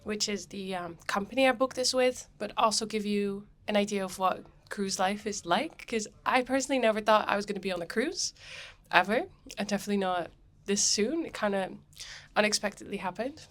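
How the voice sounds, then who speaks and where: A woman's voice: mid-range voice, a little fast, fairly bright tone. A woman hosting her podcast in a chatty, rambling monologue while she has a cold, recorded on board a cruise ship. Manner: chatty and rambling, many ums. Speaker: podcast host.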